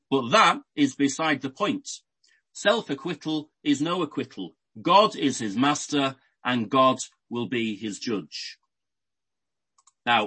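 A man's voice: mid-range voice, a bit bright, slightly rough, rough recording. A man preaching a sermon, explaining a Bible passage in an unscripted way with everyday examples and frequent restarts.

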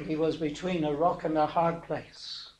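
Male preacher, high voice, halting sermon delivery with fillers, echoey room. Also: little pitch movement, darkish tone, a little hiss or hum. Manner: hesitant, many fillers, asks rhetorical questions. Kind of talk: sermon retelling a Bible story.

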